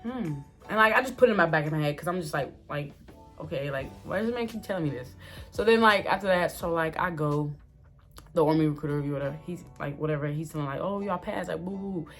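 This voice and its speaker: A young woman with a slightly low voice rambles through a personal story for her channel, packing her talk with "like" and "you know" and acting out what everyone said. A faint bed of music sits behind her speech. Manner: animated, full of fillers, quotes herself and others. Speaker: vlogger. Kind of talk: casual storytime. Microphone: phone or camera mic.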